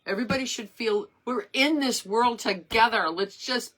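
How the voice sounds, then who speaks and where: A woman's voice: on the high side, normal speed, fairly bright tone. A woman in her sixties hosting her craft page live, chatting in a rambling, earnest and emotional way. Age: 60s. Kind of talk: casual live-stream chat.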